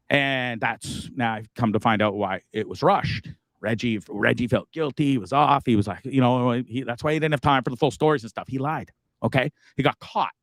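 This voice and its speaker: Riding a bus, this Canadian streamer talks in a mid-range voice captured as a dry recording. He rambles in a casual, regretful monologue, cursing freely and tripping over restarts.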